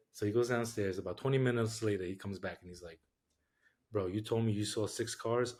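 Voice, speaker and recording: Profane New man telling a story. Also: on the low side. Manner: profane, streetwise, animated storytelling. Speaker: podcast guest. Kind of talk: casual storytelling.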